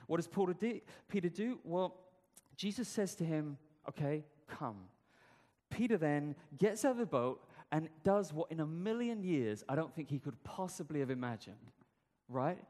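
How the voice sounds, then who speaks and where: A man's voice: fairly high pitch, animated, moderate pace, dark tone, big-room sound. A man preaching a sermon, telling the story conversationally with rhetorical questions.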